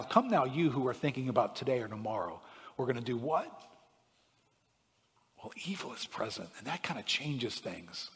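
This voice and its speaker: Preaching man, husky, in a reverberant hall. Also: medium pitch, fairly bright tone. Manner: preaching with emphatic rising and falling delivery, frequent "right?". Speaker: pastor. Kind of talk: sermon.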